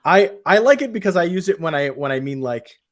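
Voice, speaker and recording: A man's voice: high voice, expressive, a little fast. A man hosting a tech podcast, talking casually and winding up the show with thanks to listeners. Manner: chatty, many fillers. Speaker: podcast host. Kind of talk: casual chat.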